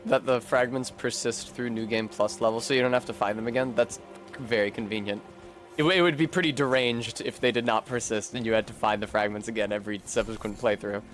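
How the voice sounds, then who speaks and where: A man with a New England accent streaming a game, joking sarcastically, swearing and sometimes shouting in frustration. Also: medium pitch, steady tone, brisk, faint music behind. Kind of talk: casual gameplay commentary.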